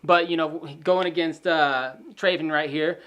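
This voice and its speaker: A man co-hosting a casual podcast, running through fighter stats in a steady listing manner. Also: on the high side, a little slow, smooth. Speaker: podcast co-host. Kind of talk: casual sports prediction chat.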